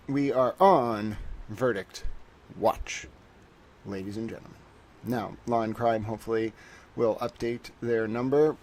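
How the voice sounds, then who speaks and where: Man, livestream host, casual rambling chat, low gravelly voice, faint hiss. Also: darkish tone. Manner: rambling, talks to chat while fiddling with settings.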